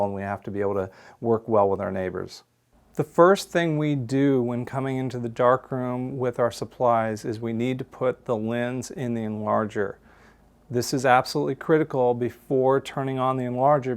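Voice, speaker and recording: A man in a college darkroom, walking students through a hands-on demonstration. He talks patiently and explains each step in turn, with a plain, mid-pitched voice. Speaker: photography instructor.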